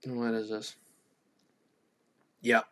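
A man's voice: fairly low pitch, completely flat delivery, very slow, fairly bright tone. A man hosting a solo podcast, talking casually in an irreverent, profane, rambling way full of fillers. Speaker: podcast host.

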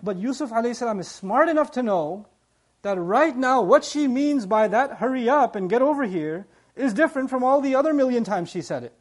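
Man, high-pitched, sermon, lively storytelling, acts out dialogue, breaks down word meanings. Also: brisk. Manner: explains word meanings in detail. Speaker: preacher. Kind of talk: nightly sermon.

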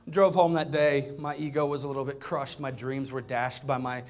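A man in his thirties preaching a sermon, telling a funny family story and acting out the dialogue with growing excitement. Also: medium pitch, moderate pace, hardly any pauses. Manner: animated storyteller, acts out dialogue with rising excitement. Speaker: pastor. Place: church auditorium with a live audience.

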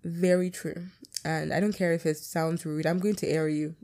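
A woman's voice: low-pitched, fairly even intonation, fairly quick, a little mellow. A young adult woman hosting her own podcast, talking casually and bluntly about her life, swearing freely. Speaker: podcast host.

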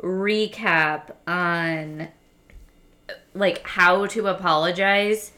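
A woman's voice: lowish voice, steady tone, extremely slow, bright, forceful tone. A young adult woman co-hosting a podcast, chatting casually and bluntly, full of "like" and jokes. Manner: blunt, joking, sprinkled with "like". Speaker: podcast co-host. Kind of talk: casual chat.

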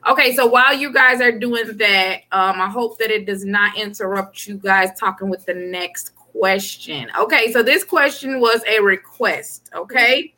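A woman's voice: mid-range voice, a little slow, few pauses, bright, forceful tone. Blunt, brassy woman co-host. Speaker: podcast co-host. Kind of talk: casual chat.

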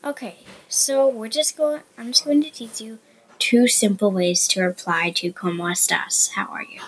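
A woman hosting a podcast and teaching beginner Spanish in a chatty, explanatory way, with soft asides. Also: a little high, animated, normal speed, noisy background. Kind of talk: casual beginner language lesson.

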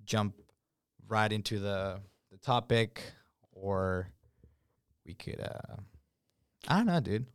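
A man's voice: fairly low pitch, expressive, slow pace, long pauses, smooth, dry recording, studio quality. A young man co-hosting a podcast in casual chat, hesitant and full of fillers. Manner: hesitant, lots of fillers and laughs. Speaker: podcast co-host.

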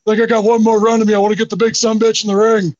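A man putting on a gruff, swaggering male pro wrestler voice for a prank call, loud and cocky. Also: high voice, flat delivery, rapid-fire, muffled recording, pitched above the performer's own voice, lightly acted. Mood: brash.

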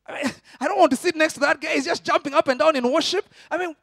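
A man, preaching a sermon and swinging between loud shouts and soft, close tones. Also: very high voice, fast, no echo. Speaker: pastor.

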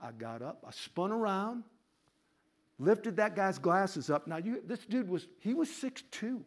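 A man with a fairly high voice tells a story from the pulpit. His delivery is conversational, with asides to the congregation. He swings from hushed to loud and animated. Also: unhurried. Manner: animated storyteller, rising to laughing shouts. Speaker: preacher. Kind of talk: sermon testimony.

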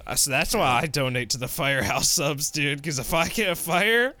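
A man's voice: fairly high pitch, normal speed, bright, forceful tone, dry recording. A young man rambling through a profane, joking podcast chat, acting out little skits as he goes. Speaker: podcast co-host. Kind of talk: casual chat.

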